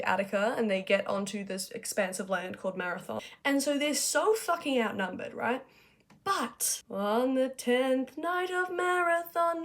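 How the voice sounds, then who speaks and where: A young woman casually retelling history in a slangy, profane, chatty way, hosting a video essay. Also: a little high. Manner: profane, chatty, acts out figures in quick asides.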